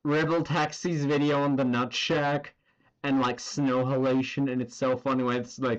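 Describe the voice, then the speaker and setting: A man's voice: medium pitch, little pitch movement, normal speed, rough recording. A man chatting casually on a drawing stream, rambling and swearing as he goes. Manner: rambling and profane, full of filler words.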